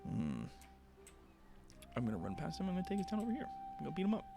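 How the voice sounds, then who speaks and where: A male streamer narrating his own strategy game in a loose, chatty way. His pitch swings a lot from moment to moment, and he laughs easily and throws in the odd swear word. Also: huge pitch swings, fast, gravelly, background noise. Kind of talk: casual gameplay commentary.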